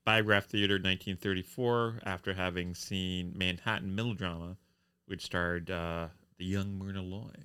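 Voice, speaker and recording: A man with a lowish voice that still sounds bright and crisp chips in short, dry remarks. He adds bits of film history in a calm, easy way. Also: normal speed. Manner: dry, brief interjections with film trivia. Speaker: podcast co-host. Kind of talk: casual film review chat.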